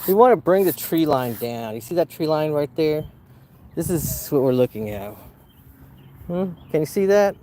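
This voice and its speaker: A man talks unhurriedly as he paints in a field, rambling and wry with his viewers. His voice is mellow and a little high for a man, with faint outdoor noise behind him. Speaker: plein air painter. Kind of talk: casual narration while painting.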